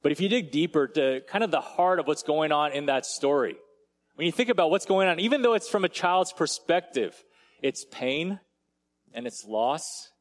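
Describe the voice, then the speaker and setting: A man's voice: on the high side, expressive, moderate pace. A man delivering a sermon as a pastor, telling a story in a casual, chatty way with frequent asides to the congregation. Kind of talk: conversational sermon.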